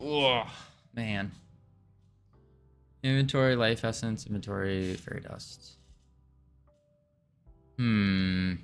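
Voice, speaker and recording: A man's voice: on the low side, fairly even intonation, slow, long pauses, clean tone, faint music behind. A man streaming his game development, chatting casually and reading chat aloud, chuckling often as he rambles. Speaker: game dev livestreamer.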